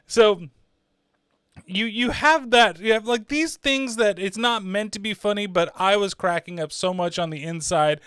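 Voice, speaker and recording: On a horror podcast, a high-voiced man gives a casual, animated film review at normal speed, laughing a lot and swearing casually. His smooth voice comes through clean studio sound with no echo.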